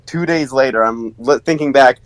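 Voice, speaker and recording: A man who is a voice actor, chatting casually and telling animated stories, slipping into voices as he goes. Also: mid-range voice, normal speed, poor audio. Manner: animated storytelling, slips into voices. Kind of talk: casual chat in a voice chat.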